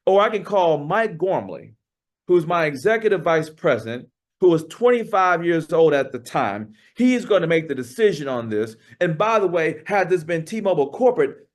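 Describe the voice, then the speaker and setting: A man giving a keynote talk, telling a story with dramatic pauses and acting out the dialogue. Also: on the high side, sing-song. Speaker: keynote speaker.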